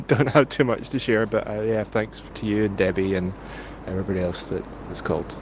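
A man's voice: lowish voice, steady tone, normal speed. A man from Glasgow with a Glaswegian accent, leaving a rambling, friendly voicemail for a podcast while walking outdoors by a river. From Glasgow, Scotland. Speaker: caller. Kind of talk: voicemail message. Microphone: phone. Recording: outdoor phone message with city noise. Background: traffic and street noise.

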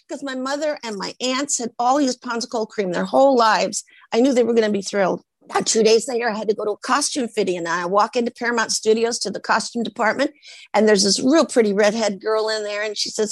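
An older woman from the United States tells animated stories as an interview guest. She slips into the voices of the people she quotes. Her voice sits somewhat high and sounds close and dry on a podcast microphone. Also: fairly quick, dry recording, poor audio. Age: over 60. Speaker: guest actress. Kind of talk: conversational storytelling in an interview.

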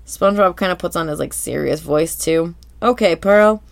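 Low-voiced woman podcast host. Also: brisk, vocal fry. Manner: animated, slips into character quotes; swears casually. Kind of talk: casual episode recap chat.

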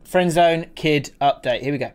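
A man's voice: fairly high pitch, moderate pace, clear, resonant tone. A man co-hosting a podcast in casual chat, reading listener messages aloud and laughing often. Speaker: podcast co-host.

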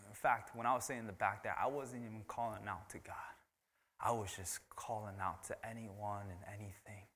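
A man, a pastor preaching a sermon, who moves between loud, emphatic lines and hushed, whispered ones. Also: fairly low pitch. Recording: long hall reverb.

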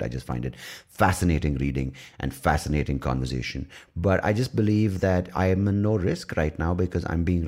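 A man's voice: a bass voice, a little mellow. A young man hosting a casual solo podcast, rambling and irreverent and swearing often. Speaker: podcast host.

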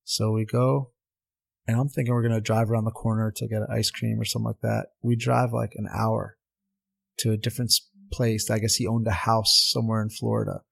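Gravelly husky man telling stories. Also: on the low side, a little fast. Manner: animated anecdotes, frequent fillers and repeats. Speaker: former pro footballer, guest. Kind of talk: casual interview storytelling.

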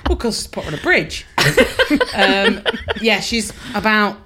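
A woman's voice: medium pitch, sing-song, slow, very noisy. A woman, co-hosting a casual pub-chat podcast, telling a story with frequent laughter. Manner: chatty storyteller, laughing often. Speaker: podcast co-host.

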